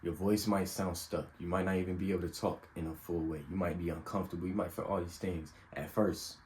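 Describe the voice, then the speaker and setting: A young man with a very deep voice talks through personal advice, earnest and unguarded, as if thinking aloud. A faint hiss of background noise sits under his voice. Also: fairly even intonation, fairly quick, a little mellow, rough recording. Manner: earnest, unscripted, vulnerable. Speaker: self-help vlogger.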